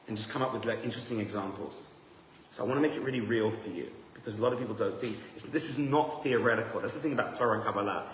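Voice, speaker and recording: A man giving a lively, joking seminar talk as a rabbi, teasing himself and the audience. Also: mid-range voice. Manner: animated, joking, self-deprecating. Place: room with a live audience. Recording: echoey hall, faint noise.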